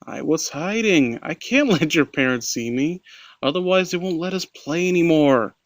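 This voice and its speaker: A man's voice: a little high, very animated, a little slow, no echo, studio quality. A man voicing a playful, magical male clown who calls himself a cosmic entity, talking in a coaxing, sing-song way in an amateur story reading. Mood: soothing. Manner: coaxing, sing-song, hearty pirate voice when playing.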